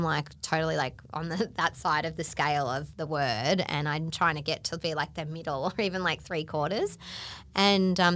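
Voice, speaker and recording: A woman chatting casually on a podcast, telling a long story and acting out the people she quotes, with lots of "like". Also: deep voice. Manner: animated, acts out quoted voices, frequent "like".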